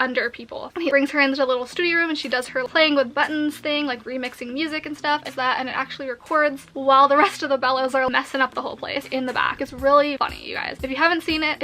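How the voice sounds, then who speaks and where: A woman's voice: high voice, pushed and bright. A woman vlogger chatting casually about a movie, gushing and emotional, with lots of "like" and "so sad.".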